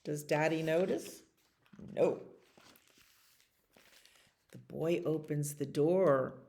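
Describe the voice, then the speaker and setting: A woman librarian reading a bedtime story aloud to children, gentle and expressive, with chatty asides. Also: low voice, extremely slow.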